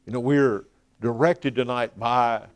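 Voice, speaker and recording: Male preacher, emphatic evening sermon, repeats words for weight, trails off low. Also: fairly even intonation, unhurried. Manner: emphatic, with repeated words and falling phrase ends.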